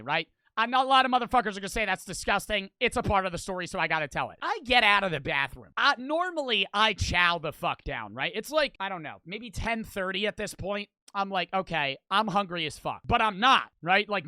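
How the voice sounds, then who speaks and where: A man's voice: high-pitched, pushed and bright, clear, resonant tone, no room sound. A man in his early twenties casually telling a profane, rambling story to his stream audience. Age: young adult.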